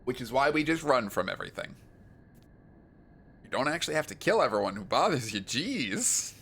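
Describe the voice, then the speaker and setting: A man's voice: medium pitch, sing-song, normal speed, vocal fry, fairly bright tone, slightly rough. A man streaming a video game, making playful, jokey asides between lines of dialogue. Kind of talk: let's play commentary.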